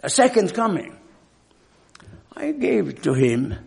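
An older man, not a native English speaker, preaching a sermon and telling a personal story, with a halting manner and frequent throat clearing. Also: high-pitched, very animated.

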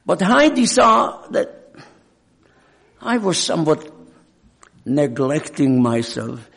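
An older man, not a native English speaker, preaching a sermon and telling a personal story, with a halting manner and frequent throat clearing. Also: on the high side, big pitch swings, a bit bright.

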